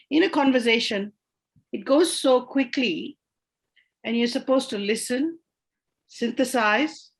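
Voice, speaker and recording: A woman on a video call asking a question in an online class, hesitant and restarting her phrases. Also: a little high. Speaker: course participant asking a question.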